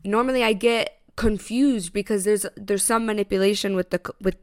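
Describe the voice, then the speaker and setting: A woman's voice: mid-range voice, a little fast, clear, resonant tone. A young woman co-hosting a podcast, telling a story in casual chat and acting out both sides of a quarrel, frank and full of swearing. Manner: frank, swears freely, says "literally" and "girl" often. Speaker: podcast co-host.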